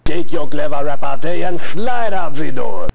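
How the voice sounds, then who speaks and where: A man's voice: a little high, big pitch swings, normal speed, vocal fry, heavily acted. A man voicing a snooty, brusque photographer in an adventure game, with a fake French accent and a dismissive, haughty manner.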